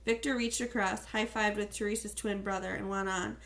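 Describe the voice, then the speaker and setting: A woman reading a first-person novel aloud in a plain, steady storytelling manner. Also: mid-range voice, a little fast, hardly any pauses. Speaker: audiobook reader.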